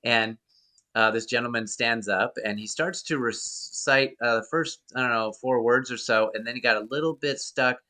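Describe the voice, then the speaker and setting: A man's voice: mid-range voice, normal speed, pushed and bright. A man being interviewed as a guest actor, telling an anecdote in a rambling way with many fillers and restarts. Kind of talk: casual interview storytelling.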